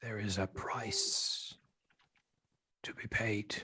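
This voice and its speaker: A man voicing a restless bandit spirit in whispered role-play, striking a bargain in a ghostly, breathy whisper. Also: lowish voice, flat delivery, extremely slow, pushed and bright, exaggerated voice. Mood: eerie bargaining.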